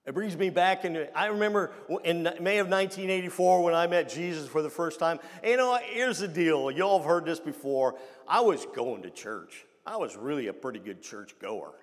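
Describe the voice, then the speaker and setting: Speaking in a slightly high, expressive voice, this pastor delivers a chatty sermon full of restarts and side remarks to his congregation. The church sanctuary gives the recording a long, lingering reverb.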